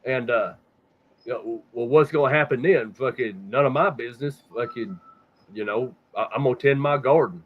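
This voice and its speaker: Here a podcast host speaks at medium pitch and normal speed, drifting through casual conspiracy talk with plenty of swearing. Whenever he loses his thread he repeats words, and the sound is dull and lo-fi.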